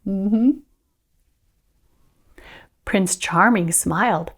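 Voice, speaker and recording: A woman teacher reading a picture book aloud to children, expressive and coaxing them to join in. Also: mid-range voice, takes it slowly.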